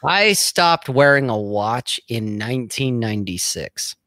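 A man's voice: mid-range voice, expressive, a little slow, bright, forceful tone, no room sound. A middle-aged man co-hosting a casual chat, talking bluntly and rambling, with frequent swearing. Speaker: co-host.

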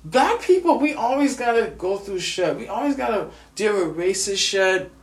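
Grieving, furious man from the US, profane vlog rant with a lively, swinging pitch and stammered restarts; echoey room sound. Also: normal speed. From United States. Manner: angry, profane, stammering repetitions. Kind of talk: angry personal vlog rant.

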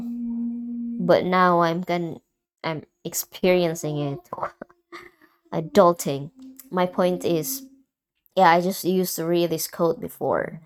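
A young Filipino woman with a mix of American and British in her accent, hosting a personal solo podcast and talking candidly and emotionally, often halting and restarting. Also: on the low side, darkish tone. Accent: Filipino, mixed with American and British. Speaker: podcast host.

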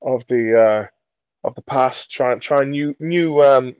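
A man's voice: medium pitch, slow pace, a little mellow, clean tone, no echo, dull audio. A man in his forties from Merseyside, a comedian chatting as a podcast guest, crude and self-mocking, with lots of restarts. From Merseyside, England. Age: 40s. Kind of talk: casual chat.

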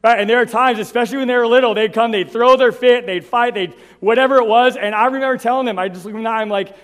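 A man's voice: extremely high pitch, quick pace, few pauses, a bit bright, in a large hall. A male pastor preaching a sermon in a conversational way, often checking in with his listeners with "right?".

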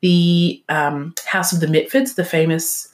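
A woman's voice: lowish voice, steady tone, a little slow. A woman chatting casually about books on a podcast, giggly and trailing off with ums. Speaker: book podcast co-host.

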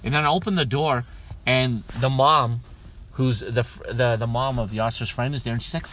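A man's voice: mid-range voice, fairly even intonation, moderate pace, noisy background. A young man telling funny stories in a casual chat, slipping into exaggerated voices for the people he quotes. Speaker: podcast co-host. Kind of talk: casual comedic storytelling.

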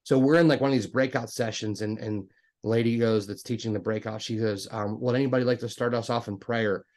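A man telling his conversion story in a casual, animated way, acting out both sides of the conversations. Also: fairly low pitch, fairly quick. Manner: frequent fillers and restarts, says "like" a lot.

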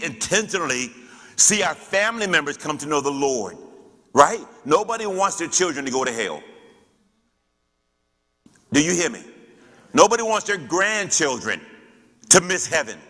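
Preaching pastor in a reverberant hall. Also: male voice, a little high, sing-song, normal speed, long pauses, pushed and bright. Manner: call-and-response preaching, rhetorical questions. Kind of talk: church teaching.

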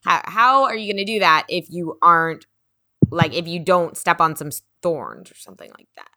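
Woman co-host, casual candid chat, vivid storyteller who swears freely, bright tone, dry sound. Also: lowish voice, moderate pace, no room sound. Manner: animated storytelling, quotes others, swears, laughs often. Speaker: podcast co-host.

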